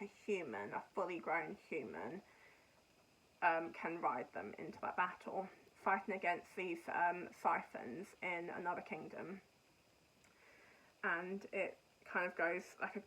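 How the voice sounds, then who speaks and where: Woman podcast host, mid-pitch voice, rambly frank chatter about what she's been reading. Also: a bit bright, rough recording. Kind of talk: casual chat reviewing books and TV.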